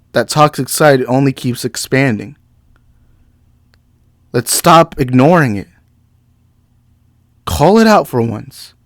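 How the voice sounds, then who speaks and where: A man's voice: medium pitch, no room sound. A young man hosting a movie podcast, delivering a fired-up, exasperated rant. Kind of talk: heated rant.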